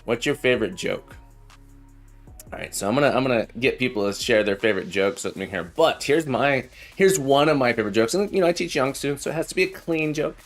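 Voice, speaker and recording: A man's voice: mid-range voice, lively intonation, fast talker, few pauses. Chatty, joking male coding streamer. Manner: chatty and jokey, repeats phrases. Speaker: programming teacher and live streamer. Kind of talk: casual live-coding stream chat. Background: faint background music.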